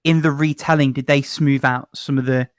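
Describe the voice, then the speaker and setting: A man's voice: medium pitch, fairly even intonation, moderate pace, no echo. British man, podcast co-host; musing, rambling, dry close mic. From Britain. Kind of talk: casual chat.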